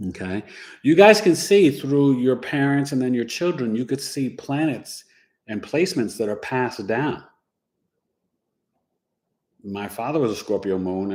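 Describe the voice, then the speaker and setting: Man telling lively family stories. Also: fairly low pitch. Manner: animated, laughing anecdotes with sound effects. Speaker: podcast host and astrologer. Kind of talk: casual storytelling chat.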